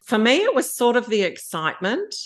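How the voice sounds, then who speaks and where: A woman's voice: on the high side, huge pitch swings, fairly quick. A woman in her fifties with an Australian accent, telling her story candidly as a podcast guest and acting out her own inner voices. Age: 50s.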